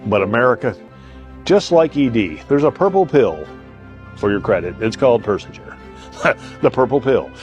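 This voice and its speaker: Car dealer joking around. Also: male voice, medium pitch, expressive, moderate pace, long pauses, soft background music. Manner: rambling, laughs often, self-interrupting. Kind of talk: joking improvised commercial spiel.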